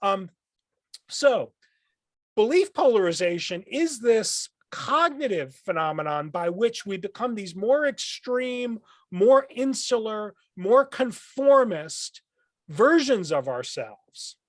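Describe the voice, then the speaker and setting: Heard in clean studio sound with no room sound at all, this man has a high voice that swings widely in pitch. He's a philosophy professor on a podcast interview, lecturing thoughtfully on ideas, frequently stopping on "um" and beginning his phrases again.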